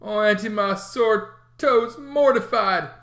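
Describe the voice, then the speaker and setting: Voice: mid-range voice, slow pace, fairly bright tone, pitched above the performer's own voice. Theatrical storybook boy, whiny and pleading, voiced by the narrator.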